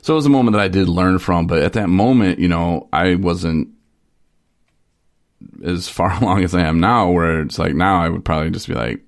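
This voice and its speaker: A man's voice: low-pitched, moderate pace, no room sound, clean studio sound. A man in recovery telling stories on a casual radio talk show, rambling with restarts and short laughs. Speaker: person in recovery sharing his story.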